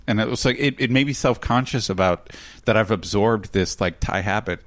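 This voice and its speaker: A man with a low, grounded voice chats as a podcast co-host. He tells stories with energy and slips into other people's voices. The recording is close and dry, with almost no room around it. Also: a little fast, few pauses, no room sound. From United States. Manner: animated storyteller, imitates others' voices. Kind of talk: casual conversational podcast chat.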